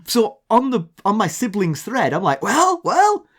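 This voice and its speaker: A man with an English accent, co-hosting a podcast and telling a long anecdote in casual chat. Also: normal speed. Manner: chatty storyteller, animated pitch, mimics accents in quotes. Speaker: podcast co-host.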